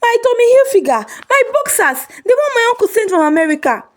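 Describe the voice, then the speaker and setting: A woman voicing a panicked young man who screams and yells frantically. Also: very high-pitched, very animated, measured pace, pitched above the performer's own voice, exaggerated voice. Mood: frantic. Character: panicked young man, loud, whose boxers were stolen.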